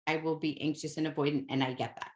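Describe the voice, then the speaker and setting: A woman's voice: deep voice, steady tone, fast, darkish tone. Casting: middle-aged woman, candid and tearful-open, talking from home over a call. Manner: open, emotional, searching words with fillers. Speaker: client guest, corporate executive. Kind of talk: personal conversation on a podcast.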